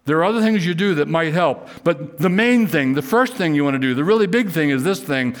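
A man's voice: on the high side, lively intonation, fairly quick. Earnest, fervent male preacher. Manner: earnest preaching, rising to fervent pleas in quoted prayers; repeats and restarts words while preaching. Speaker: pastor. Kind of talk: sermon.

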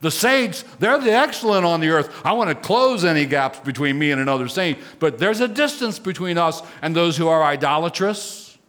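A man preaching a sermon, moving between quiet, conversational asides and raised, emphatic declarations. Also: on the high side, expressive, normal speed, few pauses. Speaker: pastor.

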